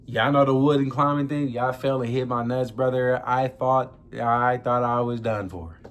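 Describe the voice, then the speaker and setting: A young man vlogger, grieving and near tears, tells a personal story to the camera in loose, slangy talk, calling his viewers "y'all." His voice is medium-pitched and fairly even, moving at a moderate pace.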